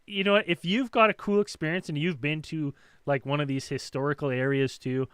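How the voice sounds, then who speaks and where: A man's voice: a little high, fairly even intonation, a little fast, fairly bright tone, clear, resonant tone, no room sound. A man hosting a call-in podcast, talking in an upbeat, chatty way. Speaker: host. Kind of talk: casual chat.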